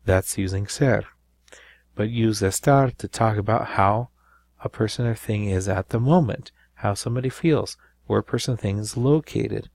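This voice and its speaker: Low, dry-voiced man teaching grammar. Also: normal speed, creaky, darkish tone, dry recording. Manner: explanatory, repeats with frequent "right?". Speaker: Spanish teacher. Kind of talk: recorded grammar lesson.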